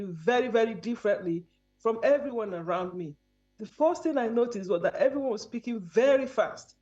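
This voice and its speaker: A woman's voice: mid-range voice, a little mellow. A woman from Nigeria with a Nigerian accent, a guest in a remote interview, speaking earnestly and measuredly with frequent ums. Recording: dull lo-fi audio.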